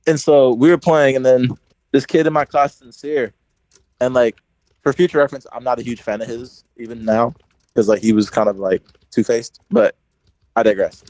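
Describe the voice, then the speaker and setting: A man's voice: medium pitch, moderate pace, no echo, rough recording. A young man on a podcast telling a childhood story in casual chat, full of filler words and acted-out quotes. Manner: animated storyteller, heavy "like" filler, acts out quotes. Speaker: podcast co-host.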